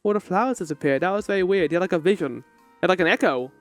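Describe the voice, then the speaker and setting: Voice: medium pitch, lively intonation, racing, no room sound, soft background music. A streamer giving casual live-stream commentary while playing a game, with playful, bewildered, jokey asides to chat.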